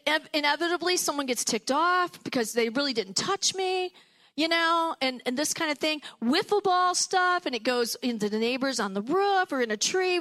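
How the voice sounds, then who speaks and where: A woman's voice: high voice, sharp tone. A middle-aged woman speaking to a group of mothers, telling family stories with chatty asides and restarts. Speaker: speaker at a women's gathering.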